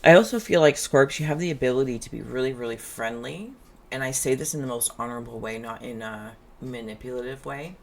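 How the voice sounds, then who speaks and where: A tarot reader hosting a relaxed, channeled reading, who talks in a musing, chatty way and drifts into humming and asides. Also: medium pitch, brisk, vocal fry, a little hiss or hum.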